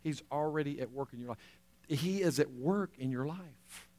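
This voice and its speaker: A man's voice: fairly high pitch, moderate pace, darkish tone. A man preaching a sermon as pastor, telling a story with acted-out quotes and repeating phrases for emphasis. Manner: storytelling, acting out quoted voices, rising to emphatic peaks; repeats phrases, frequent "right?" checks with audience.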